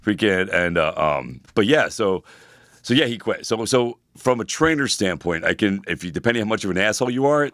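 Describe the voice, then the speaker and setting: A man's voice: fairly low pitch, lively intonation, brisk, fairly bright tone, no echo, clean studio sound. A man in his forties, a personal trainer co-hosting an advice podcast, talking bluntly and profanely with lots of fillers. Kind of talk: casual advice podcast chat.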